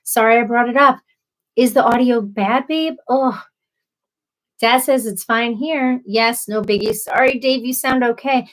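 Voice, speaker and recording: A woman's voice: a little high, steady tone, a little slow, rough recording. A woman in her thirties chatting casually with viewers on a livestream, apologetic and self-deprecating. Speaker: livestream host.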